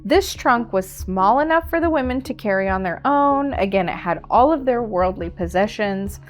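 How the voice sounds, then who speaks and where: A woman reading a history piece aloud for a paranormal podcast. She keeps a steady storyteller pace and stays playful between passages. Faint music runs underneath. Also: medium pitch, normal speed. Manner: steady storyteller, playful, laughs at own slips. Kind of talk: reading a scripted history segment.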